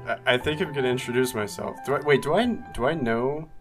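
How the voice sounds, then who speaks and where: A man taking his turn as a player in a tabletop game, talking in a halting, um-filled way and breaking into laughter. His voice sits mid-range for a man, with faint music in the background. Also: medium pitch. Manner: hesitant, full of ums and laughter.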